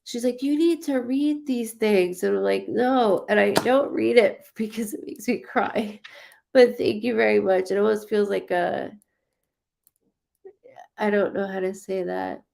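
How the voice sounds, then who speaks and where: A woman's voice: mid-range voice, steady tone, measured pace, vocal fry, darkish tone. A woman hosting a psychic live stream, chatting casually and effusively with viewers as she reads their comments. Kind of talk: casual livestream chat reading comments.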